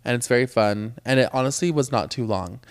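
A man's voice: mid-range voice, a little fast, clean tone, dry recording. A young man co-hosting a podcast, chatting casually and gushing in agreement. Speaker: podcast co-host. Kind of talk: casual chat.

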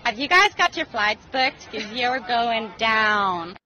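A British woman putting on an American accent, playing a brash, excited American sports fan with exaggerated delivery. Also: on the high side, takes it slowly, exaggerated voice. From Britain. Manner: exaggerated, shrieking. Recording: dull lo-fi broadcast clip in crowd. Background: crowd.

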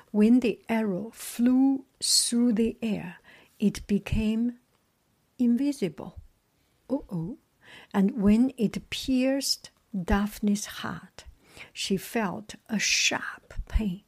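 A woman in whispered storytelling, softly reading a myth and adding her own asides. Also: mid-range voice, slightly rough.

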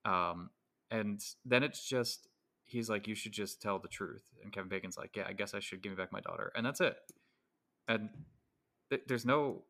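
A man's voice: lowish voice, moderate pace, sharp tone. A man co-hosting a podcast, casually retelling a movie plot with laughs and restarts. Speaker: podcast co-host. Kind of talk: casual chat.

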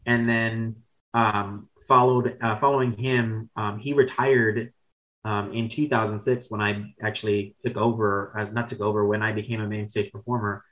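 A man's voice: lowish voice, steady tone, moderate pace, fairly bright tone, poor audio. A man in his thirties telling candid, rambling stories as a podcast guest, with casual swearing and self-corrections. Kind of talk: casual storytelling chat.

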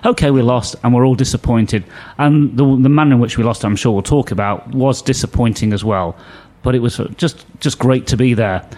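A man's voice: mid-range voice, fairly quick, hardly any pauses, warm tone. A tired middle-aged man on a football panel, telling his trip story with enthusiasm. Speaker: podcast panelist. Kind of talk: casual football chat.

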